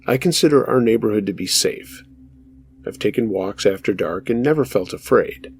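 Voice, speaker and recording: Gravelly low-voiced male horror narrator. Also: lively intonation, moderate pace, a little hiss or hum. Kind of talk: scripted narration of true scary stories.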